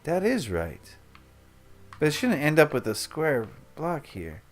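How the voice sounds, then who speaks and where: A man's voice: on the high side, huge pitch swings, takes it slowly, soft background music. A man hosting his gaming channel, chatting casually and rambling to himself while he builds.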